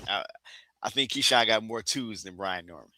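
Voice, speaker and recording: A man co-hosting a live boxing talk show, speaking quietly and hesitantly, often restarting his sentences. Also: on the low side, moderate pace. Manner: soft-spoken, hesitant, with trailing restarts. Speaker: co-host. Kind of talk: live boxing commentary chat.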